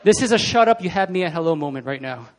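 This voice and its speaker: A man preaching a casual, animated sermon in a church, often laughing and acting out scenes. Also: on the high side, fast talker, a faint crowd. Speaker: pastor. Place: church hall.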